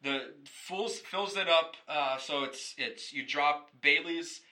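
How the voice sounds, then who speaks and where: A man's voice: fairly high pitch, slow, bright, forceful tone, low-quality recording. A man hosting a podcast, telling a rambling story in casual chat and swearing freely. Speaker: podcast host.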